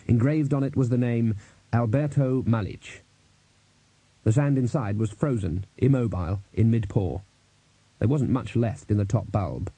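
Male audiobook narrator. Husky, mellow voice, wry, measured delivery, dry close-mic sound. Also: mid-range voice, no echo. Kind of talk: scripted narration.

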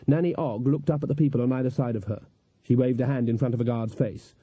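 Dark, husky male audiobook narrator. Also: medium pitch, steady tone, quick pace, no room sound. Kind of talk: scripted narration. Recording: dull, dry lo-fi recording.

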